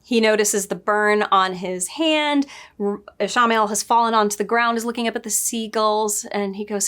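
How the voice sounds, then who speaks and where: A woman giving a casual spoken review, chatty and digressive, often laughing and adding quick asides. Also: medium pitch, fairly bright tone, clean tone. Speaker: book and show reviewer.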